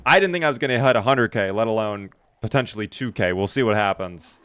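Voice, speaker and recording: A man's voice: on the low side, quick pace, fairly bright tone, clean tone. A man streaming a game live, chatting casually with viewers in a joking way and swearing freely. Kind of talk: casual live gameplay chat.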